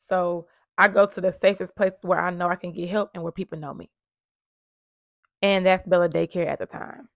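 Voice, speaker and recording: A woman's voice: fairly low pitch, creaky, a bit bright, no room sound, studio quality. A woman earnestly telling her own story of surviving domestic violence, with emphatic repetition. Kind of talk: emotional personal storytelling.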